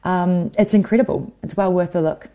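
A woman joins a radio interview as a guest and explains things with enthusiasm. Her voice is mellow and a little low. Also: steady tone, moderate pace. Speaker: guest contributor.

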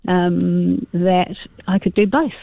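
Gravelly New woman calling in. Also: fairly low pitch, steady tone, takes it slowly, dry recording. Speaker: caller. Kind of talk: radio call-in. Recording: tinny phone line.

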